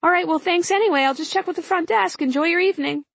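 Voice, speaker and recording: A flustered young woman, as a woman narrator acts her out talks in a high, chipper rush. The close, dry sound keeps every word near. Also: gravelly, a bit bright, dry recording, exaggerated voice. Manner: chipper, rushed.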